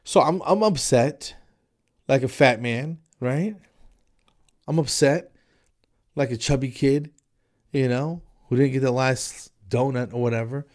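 A man's voice: medium pitch, unhurried, pauses often, darkish tone. A man hosting his own podcast in a casual solo chat, rambling and joking with lots of fillers, a bit nasal and stuffy from allergies. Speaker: podcast host. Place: spare room downstairs.

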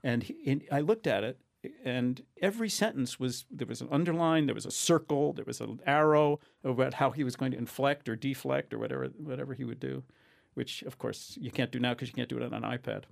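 A man's voice: medium pitch, brisk, creaky. A man who narrates audiobooks, talking in an interview in a wry, self-deprecating, storytelling way. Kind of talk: conversational interview.

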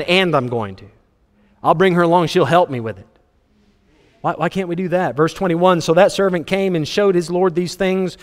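A man preaching a sermon, reading scripture aloud and joking with the congregation in an animated way. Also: a little high. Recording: long hall reverb.

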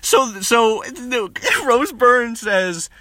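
A man co-hosting a podcast, joking and teasing his friends in loose, loud banter and laughing often. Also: very high-pitched, animated, extremely slow, no echo. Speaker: podcast co-host. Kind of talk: casual banter.

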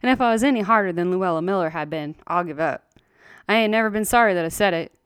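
A woman's voice: on the low side, fast talker, clean tone, dry recording, studio quality. A woman storyteller giving a dramatic reading of a horror story in rural dialect, telling it in a blunt, indignant, folksy way.

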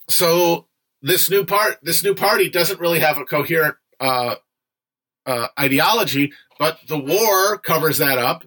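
A young man hosts a relaxed livestream talk about a book he has been reading with his viewers. His voice sits a little high and rings bright. He rambles, restarts and fills gaps with "uh", and drops a curse now and then. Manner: loose, chatty, digressive with frequent fillers and profanity. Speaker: livestream host discussing a history book. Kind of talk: casual livestream book discussion.

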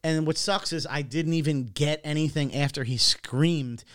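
A man co-hosting a casual chat, telling stories haltingly with many fillers and restarts. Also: on the high side, fairly bright tone, no room sound, clean studio sound. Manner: hesitant storytelling full of fillers and restarts. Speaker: podcast co-host.

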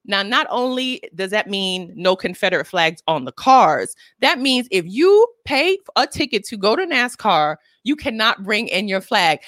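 A woman from Brooklyn hosting a sarcastic news commentary show, sassy and emphatic, jumping up high for exclamations. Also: sing-song, measured pace, a bit bright, no room sound, studio quality.

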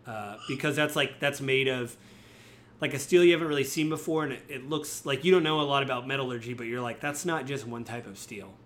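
A man's voice: medium pitch, fast. A man narrating a tabletop game as game master, talking casually and rambling with many fillers.

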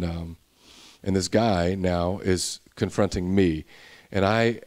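A young male pastor preaching a sermon, telling a personal story and building into intense preaching. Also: fairly low pitch.

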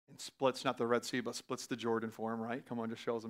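A man preaching a sermon as pastor, talking in a casual, laughing way and swinging from hushed lines to loud outbursts. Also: medium pitch, quick pace, few pauses.

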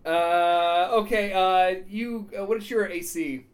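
A man narrating a tabletop game as game master, halting with many fillers and restarts. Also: high voice, steady tone, slight background noise.

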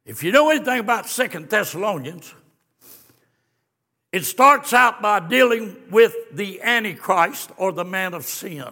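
A man preaching a fiery sermon, swinging from hushed storytelling to shouted exclamations. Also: sits high, expressive, unhurried. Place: church sanctuary. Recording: long church reverb.

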